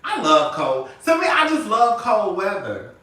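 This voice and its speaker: A man's voice: high-pitched, wildly swooping pitch, a little slow, bright, forceful tone, far from the mic. Sassy man in an echoey room. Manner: flamboyant, sassy, says "girl" and "honey" constantly, bursts into singing and laughter. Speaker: vlogger. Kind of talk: casual chat to viewers.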